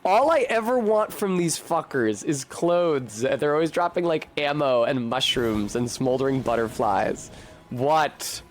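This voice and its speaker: A man's voice: mid-range voice, expressive, a little slow, faint music behind. A man streaming a video game, chatting casually in a rambling, profane and wry way. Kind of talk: casual gameplay commentary.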